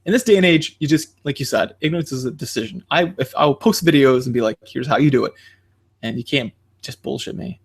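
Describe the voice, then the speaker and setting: Man, quick talker, rambling podcast chat, lots of fillers, animated. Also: medium pitch. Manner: rambling, many fillers and restarts; animated, jumps into quoting others. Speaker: podcast co-host. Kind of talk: casual chat.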